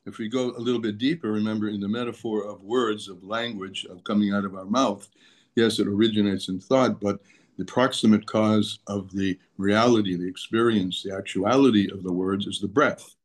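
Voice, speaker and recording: Low-voiced man teaching a text. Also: steady tone, normal speed. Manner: explanatory, repeats and restates terms, mixes Hebrew terms into English. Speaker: Torah teacher. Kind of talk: daily text lesson.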